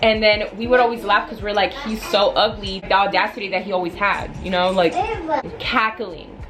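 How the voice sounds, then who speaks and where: A woman in her twenties telling a storytime vlog in a chatty, animated way, full of "like" and asides. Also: medium pitch, fairly quick, music in the background, rough recording. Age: 20s. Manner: animated, chatty, filler-heavy. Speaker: vlogger. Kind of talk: casual storytime.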